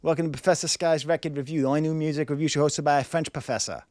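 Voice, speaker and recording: A man voicing a brash young working-class guy with a Boston accent, in a loud, jokey manner. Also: on the high side, fairly even intonation, racing, no room sound, studio quality, natural voice.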